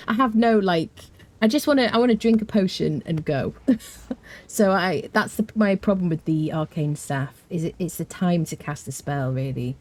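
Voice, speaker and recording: A woman's voice: lowish voice, lively intonation, measured pace, a little mellow. A British woman streaming a game live, chatting casually, rambling with fillers and answering her chat. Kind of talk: casual live gameplay commentary.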